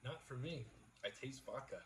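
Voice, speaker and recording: A man's voice: mid-range voice, normal speed, slight background noise. A young man chatting casually with viewers on a livestream, blunt and swearing freely as he tells a kitchen story. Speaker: livestream co-host.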